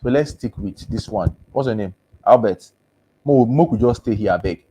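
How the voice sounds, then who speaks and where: A man's voice: fairly low pitch, normal speed, mellow, breathy edge. Male doctor, Nigerian Pidgin accent, casual live-stream host, easygoing and repetitive, voice starting to wear. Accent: Nigerian Pidgin English. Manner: chatty, switches between English and Pidgin, repeats thanks. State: voice going hoarse. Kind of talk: casual live-stream chat reading comments.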